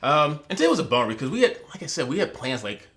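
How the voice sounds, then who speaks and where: A man's voice: on the high side, rapid-fire. A man hosting a casual trivia game at home, reading questions and answer choices with a playful, jokey delivery. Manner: animated quizmaster with a lively, jokey delivery. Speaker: trivia host. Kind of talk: casual chat.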